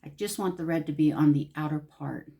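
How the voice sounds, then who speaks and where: A beauty vlogger from Los Angeles, California speaks a little fast in a low-pitched, warm voice. Chatting casually through a makeup tutorial, she gushes and talks to herself as she applies it.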